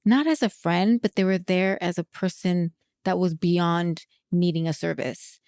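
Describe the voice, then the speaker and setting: Chatty woman host, low gravelly voice. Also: unhurried, no echo, clean studio sound. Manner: chatty, expressive, laughs often. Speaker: podcast host. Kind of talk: casual podcast interview.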